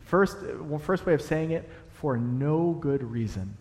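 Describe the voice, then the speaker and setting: A young adult man preaching a sermon in a church, animated, building to emphatic peaks as he explains a passage. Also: a little high, unhurried. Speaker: pastor. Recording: long hall reverb.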